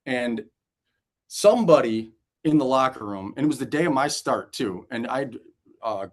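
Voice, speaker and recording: Animated, cussing ex-ballplayer telling stories. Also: male voice, medium pitch, normal speed. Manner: animated, swears freely, laughs through anecdotes. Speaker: guest, former pitcher and pitching coach. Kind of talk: casual storytelling interview.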